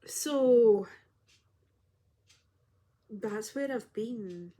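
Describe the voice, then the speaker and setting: Slow, heartfelt woman telling a story. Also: on the high side, dark tone. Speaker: spiritual healer and vlogger. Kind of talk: personal storytelling vlog.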